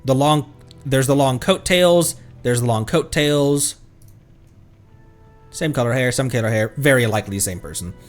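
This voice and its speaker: A man giving casual livestream reaction commentary, rambling and hesitant with many restarts and bursts of excitement. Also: medium pitch, moderate pace, pauses often, soft background music. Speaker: streamer.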